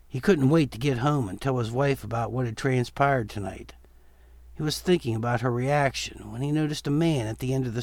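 A man reading a Halloween horror story aloud in a steady, measured storytelling voice. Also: medium pitch, gravelly, dry recording. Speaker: narrator. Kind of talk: storytelling narration.

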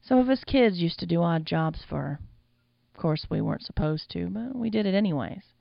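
A big, lumbering young man with a sly, knowing manner, as a woman reader puts him on. He talks with a gravelly drawl, and the recording is a little muffled. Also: lowish voice, big pitch swings, moderate pace, no room sound, full character voice. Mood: reminiscing.

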